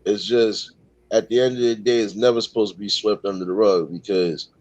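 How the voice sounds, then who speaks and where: A man's voice: lowish voice, steady tone, a little mellow. A man hosting a casual panel discussion, talking reflectively and at length, often repeating "man" and "overall". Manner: reflective, drawn-out talk with many fillers. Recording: dull, dry lo-fi audio.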